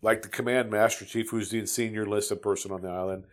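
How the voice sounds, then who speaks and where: A man's voice: lowish voice, steady tone, quick pace. A man in his fifties from the United States, telling his Navy stories in a casual, rambling way with many restarts and fillers. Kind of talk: casual storytelling.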